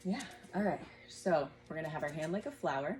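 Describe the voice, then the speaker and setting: A woman in her thirties teaching a gentle yoga class at home, guiding breaths patiently and encouragingly. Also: deep voice, animated, a little fast, heavy background noise.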